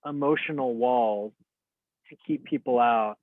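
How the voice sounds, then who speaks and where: A man who teaches meditation talks in an earnest, openly reflective way, often pausing on casual fillers. His voice sits at an ordinary middle pitch. It comes through a thin, tinny, phone-like line with a dry sound and no room echo. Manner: earnest, open, many "like" fillers. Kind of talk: reflective personal talk.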